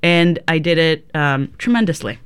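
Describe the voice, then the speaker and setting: Smooth-voiced woman cohosting radio, chill and kinda hesitant, lots of ums. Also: low voice, moderate pace. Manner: relaxed, hesitant, plenty of ums and laughs. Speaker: radio co-host. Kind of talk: casual on-air chat. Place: radio studio.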